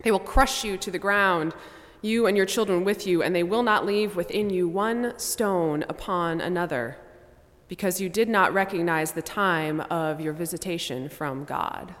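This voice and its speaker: A woman pastor preaching a measured sermon, her voice softening to a hush on sombre lines. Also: on the low side. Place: church sanctuary. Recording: long church reverb.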